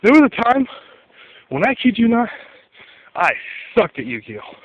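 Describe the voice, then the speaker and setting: A man's voice: extremely high pitch, very animated, a little slow, dry recording, lo-fi sound. A young man telling a story in a casual, profane rant, exasperated, with laughing asides.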